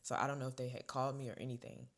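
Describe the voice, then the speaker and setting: Expressive young woman telling a story. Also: extremely low pitch, racing. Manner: expressive, swings from hushed whispers to loud bursts. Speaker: vlogger. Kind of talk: casual storytelling vlog.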